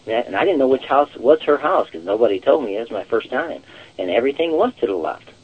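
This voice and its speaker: A man on a muffled, lo-fi line tells his story in a loose, rambling way, stacking up restarts and repeating the same words. His voice sits at a middle pitch with a husky edge. He talks casually, like an interview guest. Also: sing-song, fast. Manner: rambling, repeats "actual" often. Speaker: psychic guest.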